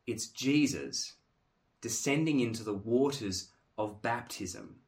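A man preaching a sermon in an earnest, emphatic way, dropping to hushed tones and then rising to forceful stress. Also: medium pitch, animated, slow pace.

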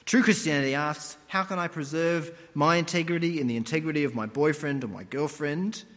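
A man's voice: fairly high pitch, fairly quick. A man preaching a sermon, retelling stories and putting on voices as he goes. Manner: animated storytelling, mimics voices. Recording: long hall reverb.

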